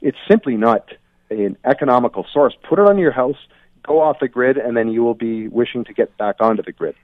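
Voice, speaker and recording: A man's voice: mid-range voice, lively intonation, brisk, no room sound. A man from Ontario giving blunt, opinionated commentary over the phone, often restarting his sentences. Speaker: guest commentator. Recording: tinny dry phone line.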